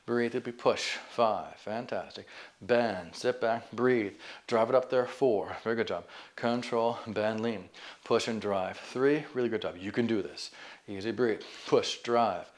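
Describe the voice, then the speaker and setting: A man leading a stretch band exercise class, calmly counting down reps and cueing deep breaths. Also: a little slow. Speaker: fitness instructor. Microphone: camera mic.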